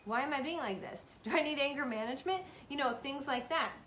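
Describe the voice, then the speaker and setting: A woman's voice: high voice, quick pace, a bit bright, a little hiss or hum. A woman in her thirties giving a casual motivational talk to her viewers, earnest and emphatic, repeating phrases for stress. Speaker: self-help video host.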